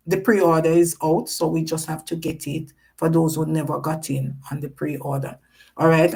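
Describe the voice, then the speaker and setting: Emphatic low-voiced woman hosting a talk. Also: creaky, darkish tone, rough recording. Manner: emphatic, repeats key phrases for stress; reads out viewer chat comments. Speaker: host. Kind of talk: live-streamed panel talk.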